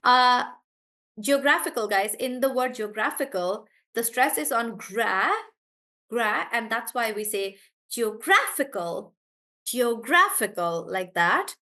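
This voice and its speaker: A woman with a fairly high voice teaches English pronunciation in a live online class. She slows right down and stretches each word to show where the stress falls, then speeds back up to chat with her students, calling them by name as she answers their questions. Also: bright, forceful tone.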